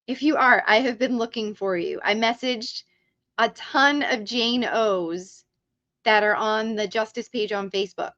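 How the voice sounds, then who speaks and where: A woman running a casual live stream, excitable and talking straight to her viewers in a bright, forceful, slightly high voice. She speaks slowly, and the sound is dry and dull, like lo-fi stream audio. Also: no echo.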